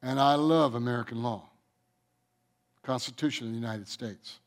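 A pastor with an animated, medium-pitched voice preaches a sermon, emphasizing key points by slowing down and letting phrases trail off softly at the end.

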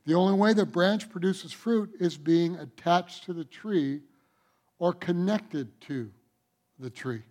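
High-voiced, slow-preaching male pastor. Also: a little mellow. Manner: emphatic preaching with rhetorical questions. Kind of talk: sermon.

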